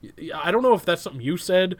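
A man's voice: high voice, lively intonation, very fast. A man co-hosting a podcast, reading listener hashtags aloud, laughing often and tripping over words. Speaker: podcast co-host.

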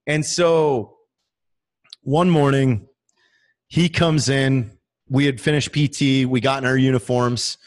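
A man's voice: medium pitch, fairly even intonation, slow, pauses often. A man in his thirties, a military veteran guest, telling a story in casual chat. He swears freely and fills his talk with "like". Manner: profane, heavy use of "like" fillers.

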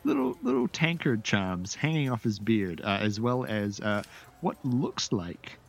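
A man serving as game master, narrating a tabletop game in a meandering, descriptive, halting way. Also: fairly low pitch, big pitch swings, vocal fry.

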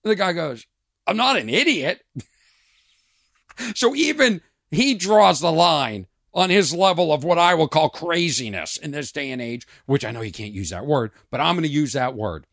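A man hosting his own podcast, a comedian telling stories in an animated way and acting out exchanges. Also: fairly high pitch, moderate pace, dry recording, clean studio sound. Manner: animated storytelling, acts out exchanges. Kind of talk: casual podcast monologue.

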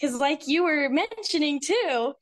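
Woman, podcast guest, casual talk, earnest and reflective, fairly high voice. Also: expressive, a little slow. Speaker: speaker at a women's retreat. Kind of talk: casual conversation.

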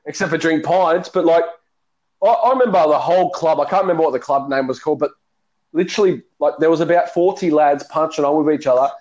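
A man's voice: on the high side, quick pace, a little mellow. A man from Australia with an Australian accent, chatting casually and swearing freely as a podcast co-host. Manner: laid-back, profane banter. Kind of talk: casual chat. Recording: dull lo-fi mic.

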